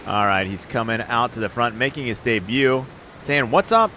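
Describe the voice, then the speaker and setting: A man streaming and giving quick, upbeat live commentary on viewer runs in a game, calling scores and turn order. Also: medium pitch, pushed and bright, a little hiss or hum. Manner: upbeat, quick hype calls with laughs.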